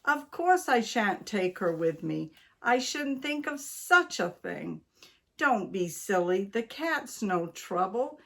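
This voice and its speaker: Woman reading a brisk, firm older wife; slow, commanding delivery. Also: mid-range voice, very animated, vocal fry, a bit bright, full character voice. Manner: firm, instructing.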